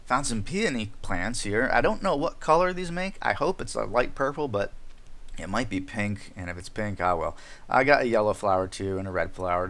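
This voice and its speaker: Lower-voiced man narrating gameplay for kids. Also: vocal fry, a bit bright. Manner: chatty, talks straight to young viewers, explains each step; frequent exclamations while playing. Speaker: Minecraft let's-play host. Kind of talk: kid-friendly gameplay commentary.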